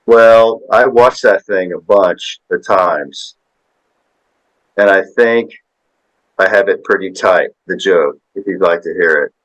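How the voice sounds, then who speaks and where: A man's voice: deep voice, slow, fairly bright tone, rough recording. A man in his sixties, a podcast guest, telling a story in a rambling, folksy way with lots of tag questions. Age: 60s. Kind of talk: casual storytelling chat.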